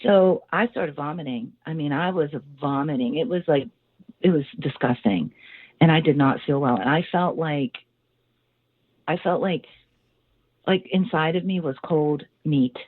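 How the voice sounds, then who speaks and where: A woman telling a long story in an interview, rambling and animated with many fillers, on a phone line. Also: deep voice, measured pace, husky, no room sound. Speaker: owner of a haunted house, interview guest. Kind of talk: casual storytelling.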